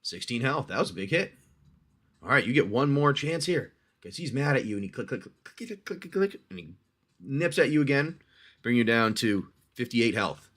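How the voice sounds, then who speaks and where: A man's voice: mid-range voice, lively intonation, moderate pace. A man hosting a livestream, narrating a dice-rolled adventure game for a player he calls his friend and reacting to each roll. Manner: chatty, addresses the player as "my friend"; talks through dice rolls, reacts loudly to hits.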